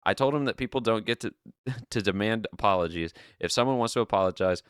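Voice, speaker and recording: Podcast host, man, lowish clear voice, animated reader, dry close mic. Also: fast talker, dry recording. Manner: animated storyteller, swears casually. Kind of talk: casual chat, reading a post aloud.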